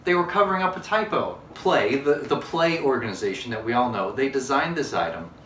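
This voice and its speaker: A man's voice: medium pitch, expressive, fairly quick, a bit bright, a little hiss or hum. A man hosting a comedy unboxing review, talking in mock-earnest, overexcited salesman patter. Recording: roomy echo, mic at a distance.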